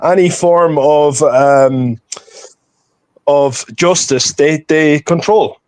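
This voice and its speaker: A British man on a live stream, goading the other side and hammering the same question again and again. His voice sits a little high, and the sound is close and dry with no room around it. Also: very slow, a little mellow, smooth, no echo. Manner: taunting, repeats himself. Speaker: caller. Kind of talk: heated live-stream debate.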